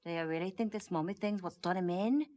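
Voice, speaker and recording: A woman's voice: fairly low pitch, fast talker, a crowd in the background, natural voice. Gossipy Irish servant woman, as an actress plays her. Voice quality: smooth, folksy turns of phrase. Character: gossipy Victorian servant woman, chatty and blunt. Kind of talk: 1990s full-motion video game acting.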